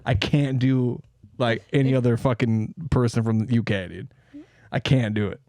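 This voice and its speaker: A man's voice: mid-range voice, fairly even intonation, normal speed, a little mellow, dry recording, clean studio sound. A man hosting a podcast, telling a story in casual chat, laughing often, swearing and joking around.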